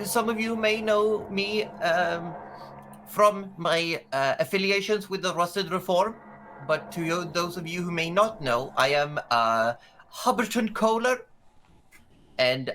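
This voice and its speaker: A small nervous gnome official stumbles through a speech with constant ums and uhs, as a man puts him on. His voice sits higher than the performer's own. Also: fairly bright tone, soft background music, poor audio. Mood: flustered. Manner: hesitant, halting, full of ums and uhs.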